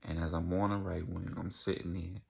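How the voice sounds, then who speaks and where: Young ny dude telling a storytime, husky low voice, acts out everybody he talks about. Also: moderate pace. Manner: animated storytelling, acting out quoted voices. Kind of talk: casual storytime vlog.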